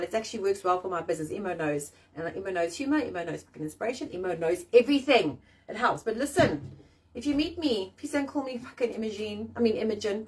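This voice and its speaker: A middle-aged woman with a fairly high voice hosts a laid-back live-stream chat in the rain, ranting and joking with blunt, profane energy. The recording is made from a distance and carries a little hiss or hum.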